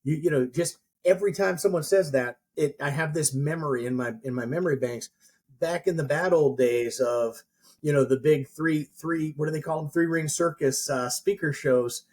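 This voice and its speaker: A man's voice: on the high side, normal speed, a little mellow, slightly rough. A man who works as a mortgage professional and trainer, chatting casually and telling a rambling story with frequent restarts. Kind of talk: casual podcast chat.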